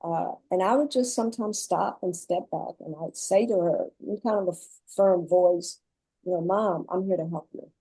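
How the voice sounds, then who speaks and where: Low, warm-toned woman speaking earnestly. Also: moderate pace, slightly rough, no room sound, rough recording. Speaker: guest author and caregiver. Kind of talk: panel discussion.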